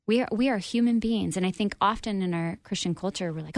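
A woman's voice: mid-range voice, brisk, few pauses, darkish tone, no echo. A woman guest on a radio interview, telling her personal story in an earnest, open, reflective way with frequent ums.

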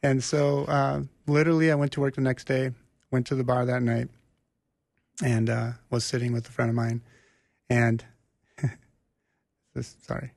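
A man telling his personal faith story as an interview guest, earnest and animated, often restarting sentences. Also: mid-range voice, a little slow, creaky, pauses often, dry recording, clean studio sound. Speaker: guest sharing his testimony. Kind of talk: conversational storytelling.

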